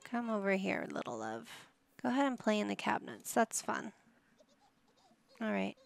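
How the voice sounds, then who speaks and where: A woman's voice: medium pitch, sing-song, moderate pace, vocal fry, no room sound. A woman hosting a life-sim gameplay video in casual commentary, directing her characters like a patient parent with wry, mildly exasperated asides. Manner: bossing game characters around like a patient parent. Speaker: gaming channel host.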